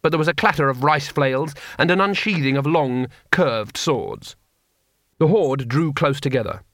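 A man narrating an audiobook in a dry, lively storytelling manner. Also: fairly high pitch, moderate pace, dry recording.

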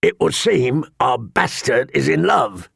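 A man voicing a cruel, mocking master-at-arms with a sharp, cold voice in an audiobook. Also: fairly high pitch, animated, measured pace, vocal fry, husky, dry recording, clean studio sound, voice pushed up, exaggerated voice. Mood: sneering. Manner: taunting, sneering. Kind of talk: audiobook character voice.

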